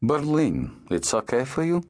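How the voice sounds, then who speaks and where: A man's voice: medium pitch, sing-song, unhurried, a little mellow, voice pushed up. A man voicing a stern, worldly middle-aged uncle who questions and commands in a dry, probing way. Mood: teasing.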